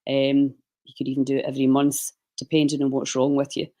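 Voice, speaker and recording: A middle-aged woman giving casual, rambling livestream advice as a fasting and wellness coach, often correcting herself mid-sentence. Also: extremely low pitch, completely flat delivery, mellow. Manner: chatty, rambling, self-correcting.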